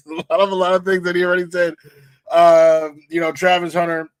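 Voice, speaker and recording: A man co-hosting a sports talk stream, relaxed and thoughtful, with many fillers. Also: high voice, normal speed, dry recording. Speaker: podcast co-host.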